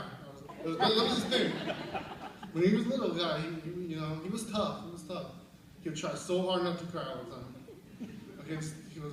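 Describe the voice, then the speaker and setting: Give me a young man with a high voice sharing laughing memories, heard from afar with background noise. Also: lively intonation, fairly quick. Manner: laughs often while telling stories, acts out quotes. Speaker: eulogy speaker at a memorial service. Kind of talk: storytelling remembrance. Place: large room at a memorial service. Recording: very echoey hall, far from the mic, background noise.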